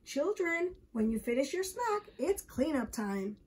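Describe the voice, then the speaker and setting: Gentle schoolteacher, read by a woman. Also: high-pitched, sing-song, unhurried. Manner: gentle, explaining. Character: kind, patient woman schoolteacher.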